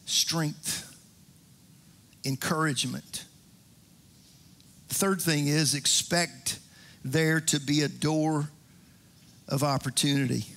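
A man's voice: on the high side, fairly even intonation, takes it slowly, long pauses, a bit bright. An older man preaching a sermon as pastor, with rising emphasis and frequent restarts.

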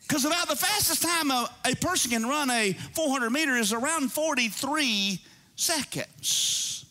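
A man preaching a sermon to his church, animated and climbing into high excited calls. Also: measured pace. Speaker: pastor.

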